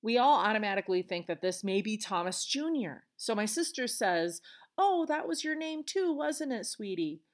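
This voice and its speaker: A woman hosting a podcast, retelling events alone in a chatty, earnest way with casual asides. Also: medium pitch. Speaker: podcast host. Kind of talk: solo podcast storytelling.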